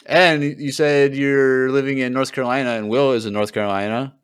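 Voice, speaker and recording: Smooth-voiced chatty podcast host. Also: male voice, mid-range voice, fairly even intonation, fairly quick, no room sound, clean studio sound. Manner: chatty, self-deprecating, many fillers. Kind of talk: casual podcast chat.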